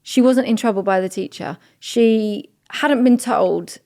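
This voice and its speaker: A woman co-hosting a podcast, chatting casually and telling a story with lively acted-out quotes. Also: a little high, unhurried. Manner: animated storytelling, acts out quoted parents. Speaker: podcast co-host. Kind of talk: casual chat.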